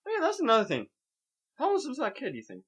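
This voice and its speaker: A man's voice: very high voice, wildly swooping pitch, fast, a bit bright, slightly rough. Young man, podcast co-host, casual chat, cursing, sarcastic, ranting.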